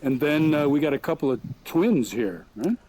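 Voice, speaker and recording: A man's voice: fairly high pitch, sing-song, normal speed, dark tone. A man, a guest actor, chatting and joking with fans in a casual question and answer. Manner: jokey, friendly banter. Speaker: guest actor at a virtual meet and greet. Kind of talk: casual Q&A chat. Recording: voice chat with crowd chatter behind. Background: crowd chatter.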